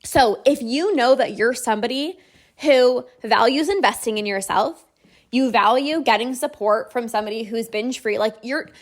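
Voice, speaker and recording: Upbeat woman coach, fast and chatty. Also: a little high. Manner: enthusiastic, persuasive, frequent "like" fillers. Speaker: podcast host and binge-eating coach. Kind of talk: promotional podcast monologue.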